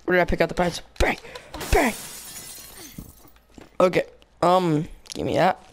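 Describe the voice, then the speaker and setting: Slow, gravelly young man playing a game. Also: sits high, animated, slight background noise. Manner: rambling, mock-insulting the game characters. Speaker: gaming channel host. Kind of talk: let's play commentary.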